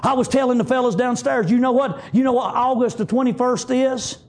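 A man preaching a fiery sermon in a church, punctuating it with shouted amens. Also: very high voice, fairly even intonation, fairly quick. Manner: emphatic, shouting refrains, frequent amens. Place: church sanctuary.

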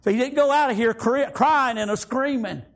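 A man preaching a fervent sermon, calling out to the congregation and swinging between loud and hushed. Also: extremely high pitch, moderate pace, vocal fry.

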